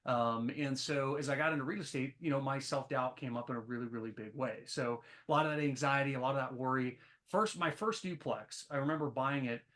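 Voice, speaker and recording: Man, podcast guest, animated storyteller, mid-range voice. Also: medium pitch, fairly quick, few pauses. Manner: animated storyteller, many fillers. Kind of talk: casual podcast interview.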